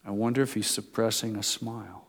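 A man preaching a sermon, retelling a story, swinging between loud emphasis and soft, slow asides. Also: fairly low pitch, fairly even intonation. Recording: long hall reverb.

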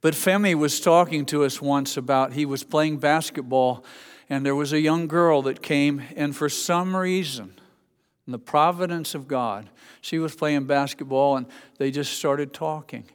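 A man's voice: on the high side, unhurried, smooth. A man preaching a sermon as a pastor, telling folksy stories between scripture. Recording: long hall reverb.

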